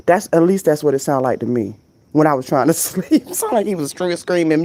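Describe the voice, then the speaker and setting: Middle-aged woman, vlog host, warm low-ish voice, loose chatty storyteller. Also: quick pace. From Florida. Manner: chatty, animated storyteller who drifts off on tangents. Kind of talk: casual rambling chat. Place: at home.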